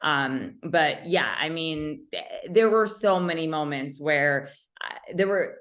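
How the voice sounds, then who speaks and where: A woman's voice: sits low, lively intonation, slow pace, fairly bright tone. A woman, an executive producer, speaking in an interview and acting out her own past thoughts as she tells a story. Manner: talkative, acts out her own thoughts in quotes. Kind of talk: video call interview.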